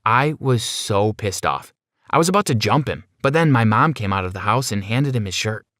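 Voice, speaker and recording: A man's voice: on the low side, lively intonation, moderate pace, fairly bright tone, dry recording, studio quality. A man narrating a first-person story in a plain, conversational way, as a scripted voice-over.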